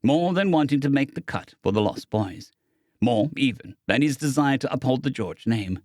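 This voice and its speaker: A man reading a science fiction audiobook as narrator, in a steady storytelling manner. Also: medium pitch, moderate pace, no echo, studio quality.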